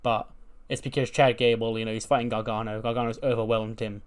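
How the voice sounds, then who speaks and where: A man in an everyday mid-pitched voice casually recapping his wrestling booking game. He rambles along with fillers and little laughs, like a relaxed let's-play narrator. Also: quick pace. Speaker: gaming YouTuber. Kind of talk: casual commentary on a wrestling sim.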